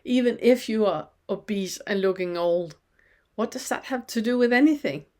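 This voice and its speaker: Calm woman teaching with rhetorical questions. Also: medium pitch, moderate pace. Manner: calm, reflective, asks many rhetorical questions. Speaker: spiritual teacher. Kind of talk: spoken teaching lesson.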